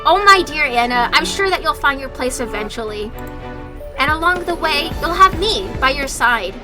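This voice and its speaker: A woman reading a suave older gentleman suitor. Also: high voice, lively intonation, moderate pace, over music. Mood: tender. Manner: reading game dialogue aloud.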